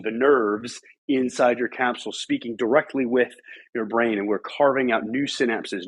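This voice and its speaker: A man coaching a guided mobility routine, calling out repetitive energetic cues. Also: mid-range voice, slightly rough. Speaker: fitness coach. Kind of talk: guided exercise instruction.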